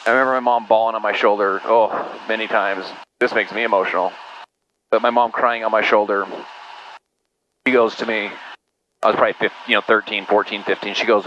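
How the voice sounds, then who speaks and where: A man's voice: fairly low pitch, fairly even intonation, brisk, a bit bright, lo-fi sound, a little hiss or hum. A middle-aged man from Utah, telling personal stories in a casual, rambling way and saying "dude" and "you know" a lot. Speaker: podcast guest. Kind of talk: casual conversational storytelling.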